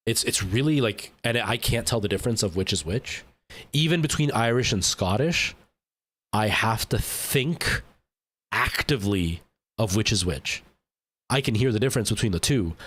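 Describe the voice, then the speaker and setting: A man's voice: medium pitch, a bit bright. A man streaming a game live, chatting casually and thinking aloud with lots of fillers and restarts.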